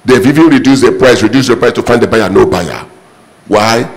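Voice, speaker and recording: A man's voice: on the low side, normal speed, rough recording. A man preaching a sermon as pastor, emphatic and repetitive, his voice leaping up on sudden exclamations.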